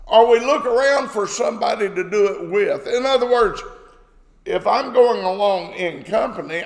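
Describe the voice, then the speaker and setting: A man preaching a sermon in a high, gravelly voice, unhurried and emphatic. He keeps asking his listeners rhetorical questions and acts out little exchanges. The sound carries a long echo from a large hall.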